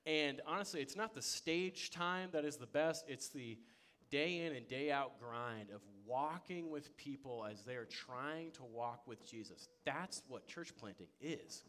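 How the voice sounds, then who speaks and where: A young adult man preaching a sermon as a pastor, telling stories with energy and swinging between loud excitement and quiet. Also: mid-range voice, unhurried. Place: church sanctuary.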